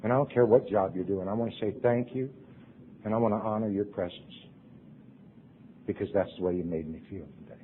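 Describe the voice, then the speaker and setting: A middle-aged man giving an earnest personal testimony to a recovery convention audience, swinging from loud to hushed. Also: on the low side, a little fast, pauses often, a little hiss or hum. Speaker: recovery meeting speaker. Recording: tinny lo-fi tape recording.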